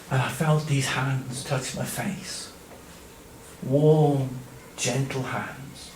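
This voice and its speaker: A man telling a Bible story in the first person in a church, dramatic, swinging from loud cries to hushed tones. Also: medium pitch, steady tone, drawn-out words, slight background noise. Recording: echoey church room, distant mic.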